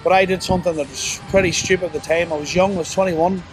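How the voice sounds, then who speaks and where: A young man telling a painful personal story in an interview, halting and remorseful, with many restarts and fillers. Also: steady tone, soft background music. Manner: halting, full of "you know" and restarts; remorseful, low and subdued.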